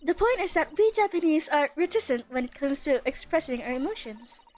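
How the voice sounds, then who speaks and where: A woman voicing a reserved young male Japanese scholar, speaking slowly and earnestly as she reads along with a game. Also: high-pitched, expressive, darkish tone, soft background music.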